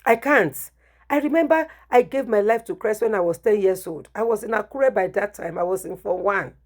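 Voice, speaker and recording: A woman's voice: medium pitch, brisk, a little mellow. A middle-aged woman giving a testimony sermon, telling her story and acting out the dialogue with strong emotion. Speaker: preacher.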